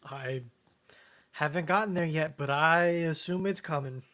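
Young male co-host, fairly high voice, easygoing, quick to laugh. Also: pushed and bright. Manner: easygoing, laughs often, agreeable. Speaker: podcast co-host. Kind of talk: casual chat.

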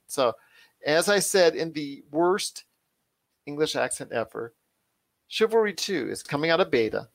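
Enthusiastic higher-voiced male podcast host. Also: no echo. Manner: enthusiastic, repetitive phrasing, addresses guest as my friend. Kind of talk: casual podcast chat.

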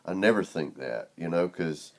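Very deep-voiced teasing man. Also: animated, moderate pace, a little mellow. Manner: teasing, dry joking. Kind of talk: casual chat.

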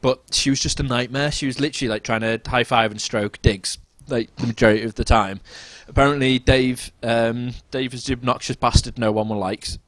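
A man's voice: mid-range voice, fairly quick, hardly any pauses, dry recording. A man co-hosting a podcast, telling a drunken night-out story in casual chat, laughing and mimicking other people's voices. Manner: animated, laughs through anecdotes, mimics voices. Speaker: podcast co-host.

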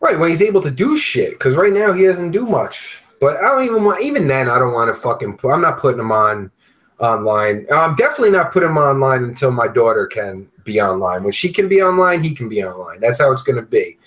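A man's voice: mid-range voice, big pitch swings, fairly quick, fairly bright tone, poor audio. A man hosting a podcast, chatting casually and ranting bluntly with lots of swearing. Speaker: podcast host.

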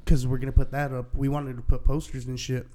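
A man's voice: mid-range voice, little pitch movement, fairly quick, over a noisy crowd. A man in casual chat with friends, laid-back and crude, laughing often.

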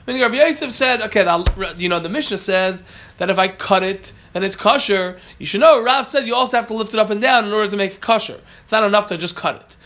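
A man's voice: high-pitched, fast, bright, forceful tone. A man teaching a Talmud class, reading Aramaic phrases and then explaining them plainly, often catching and correcting himself.

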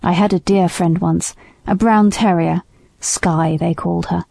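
Brief: indignant old male horse, low and hushed, mellow tone, dry read, as a woman narrator puts him on. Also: steady tone, a little slow, creaky, no echo.

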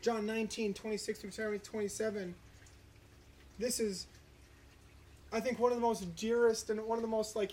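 A preacher giving an earnest, reflective sermon, citing scripture and slowing down to stress key moments. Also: medium pitch, warm tone, a little hiss or hum. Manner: earnest, reflective, slows for emphasis.

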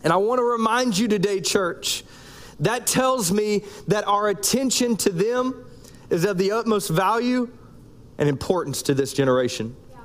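A man with a high voice delivers a sermon from the pulpit in his thirties, speaking. He preaches in a loose, conversational way, cracking jokes and pausing between his phrases. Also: lively intonation. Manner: joking, conversational preaching with pauses. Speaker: pastor.

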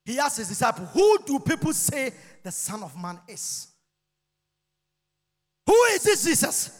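High, bright-voiced preacher shouting in a hall. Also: male voice, sing-song, a little slow. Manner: shouts and chants, sings phrases, mimics people. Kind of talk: lively sermon with shouting. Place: church. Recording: long reverb of a church hall.

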